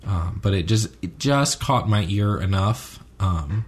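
A man's voice: on the low side, expressive, measured pace. A man co-hosting a casual chat about a TV episode, rambling with many ums and self-corrections. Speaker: podcast co-host.

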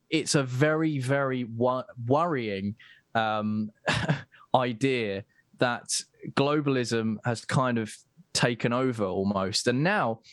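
A man talking as a guest on a political show, stopping and restarting often and filling pauses with "um". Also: mid-range voice, no room sound, clean studio sound. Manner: halting, many restarts and fillers. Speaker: guest commentator. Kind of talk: casual political discussion.

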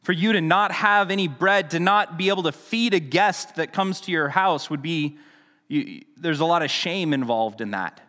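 A man's voice: on the high side, normal speed, pushed and bright, in a large hall. A man preaching a sermon in a casual, conversational teaching style, with frequent restarts and asides. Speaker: pastor.

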